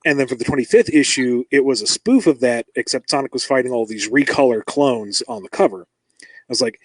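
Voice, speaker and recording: Man, comic writer guest, casual interview, enthusiastic, mid pitch, dry sound. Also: brisk, breathy edge, dry recording, poor audio. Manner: enthusiastic, animated when quoting others.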